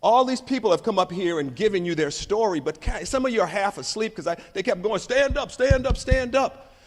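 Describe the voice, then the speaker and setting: A man delivers a motivational conference speech and tells his stories with dramatic swings in loudness. His voice sits high for a man. The sound carries a long reverb from a large hall. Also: animated, quick pace. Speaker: conference keynote speaker.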